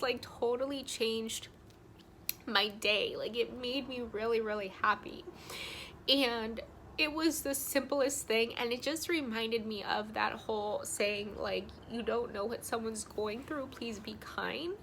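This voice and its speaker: A young woman, a vlogger, speaks in a bright, slightly high voice, tearful and earnest as she tells her story. She keeps filling pauses with ums and likes. Faint noise hums behind her. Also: steady tone. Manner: emotional, tearful, heartfelt, with frequent ums and likes. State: crying. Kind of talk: personal vlog storytelling.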